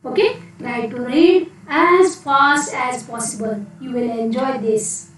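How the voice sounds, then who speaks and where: A woman's voice: high-pitched, expressive, takes it slowly. A woman with an Indian English accent, teaching a class and often checking with a rising "okay?". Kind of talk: classroom lesson. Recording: echoey room from a distance.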